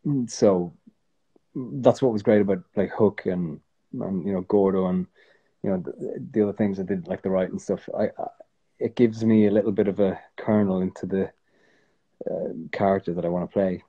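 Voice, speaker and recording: An Irish man talking casually as a guest in an interview, relaxed and rambling, with many fillers and restarts. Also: low-pitched, normal speed, slightly rough, highs cut off. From Ireland.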